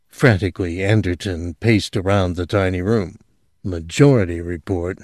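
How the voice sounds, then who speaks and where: A man giving a measured, deliberate scripted narration of a story. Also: low voice, darkish tone, no echo, studio quality. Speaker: audiobook narrator.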